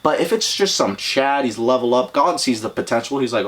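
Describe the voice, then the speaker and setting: A man's voice: medium pitch, animated, brisk. Blunt, profane male podcast host. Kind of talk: casual podcast chat.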